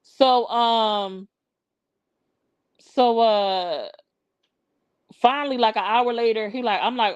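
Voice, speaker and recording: A woman's voice: on the high side, slow, long pauses, clear, resonant tone, dry recording, dull audio. A woman in her forties tells a personal story casually on a live stream, full of slang and greeting viewers mid-story.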